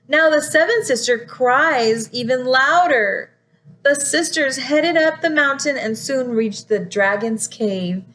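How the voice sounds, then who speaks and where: A woman teacher reading a picture book aloud to young children, gasping often and pausing to ask them questions. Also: high voice, slight background noise, poor audio. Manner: expressive, frequent gasps, asks listeners questions.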